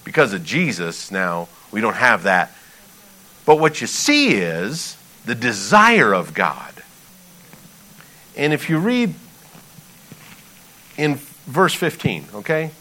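A man delivers a sermon in a casual, conversational manner, breaking from scripture readings into emphatic asides. His voice is bright and his pitch swings widely as he pleads and jokes. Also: wildly swooping pitch, slow, long pauses, poor audio. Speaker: pastor.

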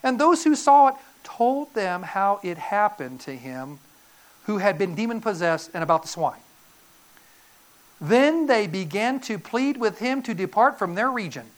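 A woman preacher delivers a sermon with animated, dramatic storytelling. Her voice sits at a middle pitch. She swings between emphatic and hushed delivery as she acts out the voices. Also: unhurried.

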